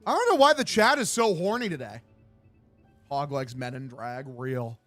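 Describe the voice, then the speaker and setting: A young man streaming casual play-by-play of a baseball game, joking crudely with his chat between pitches. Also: lively intonation, normal speed, a bit bright, no echo, soft background music. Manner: crude, joking banter while reading chat. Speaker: streamer host. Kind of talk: casual play-by-play watch-along commentary.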